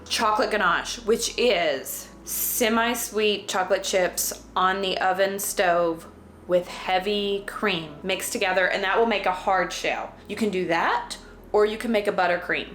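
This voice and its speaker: A woman's voice: medium pitch, moderate pace, fairly bright tone, slight background noise. A Southern-accented woman with a slight lisp rambles and jokes about herself while baking. Her voice sits mid-range and rings around a roomy kitchen, with faint household sounds underneath. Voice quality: slight lisp from a dental flipper. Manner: self-deprecating, jokey, talks to herself. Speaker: vlogger. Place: home kitchen.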